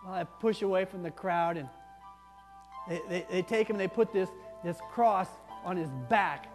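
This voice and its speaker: A pastor playing Barabbas, a rough ex-convict. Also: male voice, sits high, steady tone, normal speed, close to an everyday voice. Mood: impassioned. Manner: coarse colloquial talk, swinging from loud outbursts to hushed tones. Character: rough ex-criminal man, streetwise and tough. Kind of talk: first-person dramatic monologue in a sermon. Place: church. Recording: reverberant church sanctuary with faint music.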